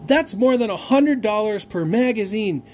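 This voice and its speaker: A man talking in a slightly raised pitch, swearing freely as he tells a frustrating story. He rambles, restarts his sentences and drops fillers in a loose vlog style. A faint hiss of noise sits under his voice. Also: expressive, moderate pace, darkish tone. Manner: profane, exasperated storytelling. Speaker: gun vlogger. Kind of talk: casual unboxing rant.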